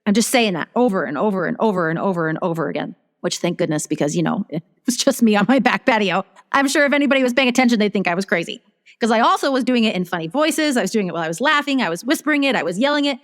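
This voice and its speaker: In a big-room sound, a mid-range female voice races through her story. She's a business strategist guesting on a casual interview, animated and playing out her inner dialogue.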